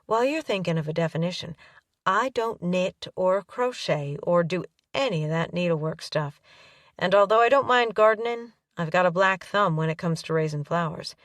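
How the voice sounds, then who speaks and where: A woman's voice: lowish voice, lively intonation, moderate pace, a bit bright, no room sound, studio quality, distant mic. A woman reading a romance audiobook aloud, giving the characters light voices of their own. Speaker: audiobook narrator. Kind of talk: scripted narration.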